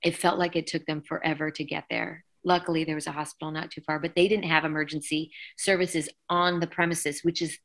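A middle-aged woman, a singer being interviewed, recounting events in a lively, emotional way and acting out quoted dialogue. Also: sits low, fairly quick, few pauses. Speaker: guest singer. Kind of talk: conversational interview storytelling.

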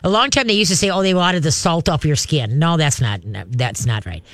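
Folksy chatty man, higher voice, dry. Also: lively intonation, a little fast, a bit bright, dry recording. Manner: folksy, chatty, demonstrates with growls and dog voices. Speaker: radio show host and pet trainer. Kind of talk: call-in radio advice.

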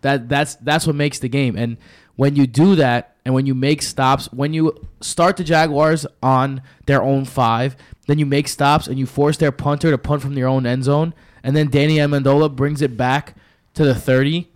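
A man's voice: mid-range voice, fairly even intonation, moderate pace, few pauses. A man co-hosting a sports podcast, giving a confident, emphatic breakdown of a football game. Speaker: podcast co-host. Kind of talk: sports analysis monologue.

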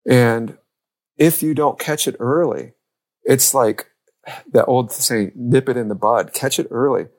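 This man speaks with a gravelly, creaky edge on a podcast. He tells stories in a lively way and slips into quoted voices. His pitch sits in the middle range. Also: measured pace. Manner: lively storyteller who acts out quoted lines. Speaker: youth and family coach. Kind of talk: podcast conversation.

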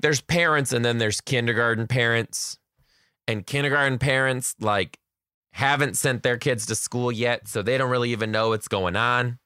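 A man's voice: mid-range voice, sharp tone, clear, resonant tone, no echo, studio quality. A man hosting his own podcast as a kindergarten teacher, chatting in an upbeat, playful way. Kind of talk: casual solo podcast chat.

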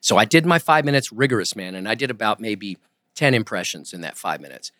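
A man's voice: fairly low pitch, a little fast, dry recording, studio quality. A man telling stories as a guest on an interview podcast, acting out the voices of the people he quotes. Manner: animated storyteller, acts out quoted voices. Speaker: guest, ventriloquist and impressionist. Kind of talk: casual interview storytelling. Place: podcast studio.

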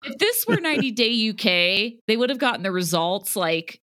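A woman's voice: fairly high pitch, very animated, moderate pace, sharp tone, no echo. Young woman, chatty podcast co-host, giggles a lot, dry close sound. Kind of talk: casual chat recapping a reality show.

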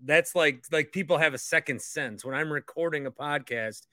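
A man's voice: fairly high pitch, normal speed, bright, forceful tone, dry recording. A man hosting a casual podcast and rambling with joking asides, recorded close on a studio mic. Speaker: podcast host, former radio host.

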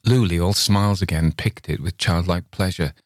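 A man narrating a classic short story in a measured, steady reading voice. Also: deep voice, no echo, studio quality. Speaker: reader. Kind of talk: audiobook narration.

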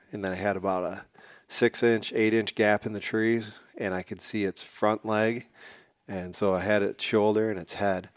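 A man as a podcast guest, telling a hunting story in a casual, animated way and acting out what people said. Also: fairly low pitch, no room sound, clean studio sound. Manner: animated, acts out quotes.

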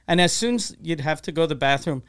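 A man's voice: fairly high pitch, lively intonation, quick pace, fairly bright tone, smooth. A man telling blunt, crude stories in a casual chat. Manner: storytelling, blunt, crude humor.

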